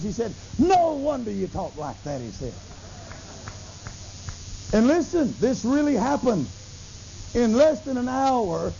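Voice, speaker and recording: A middle-aged man preaching a sermon, telling a story with lively acted-out dialogue. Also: very high voice, vocal fry. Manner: animated storytelling, acts out dialogue, bursts into tongues. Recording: dull lo-fi recording with faint hiss.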